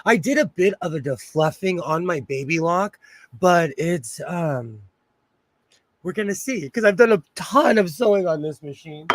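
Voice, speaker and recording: A middle-aged man from Pennsylvania hosting a casual sewing livestream, chatting to viewers and laughing often, slightly hoarse and under the weather. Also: on the high side, lively intonation, unhurried. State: slightly hoarse, feeling unwell. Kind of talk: casual live-chat while sewing.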